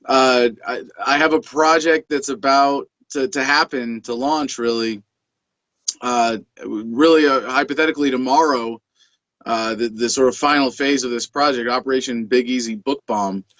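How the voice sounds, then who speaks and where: A man guest in a casual interview, chatty and quick to laugh, often restarting his sentences. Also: medium pitch, fairly even intonation, fairly bright tone, no room sound. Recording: dull dry remote audio.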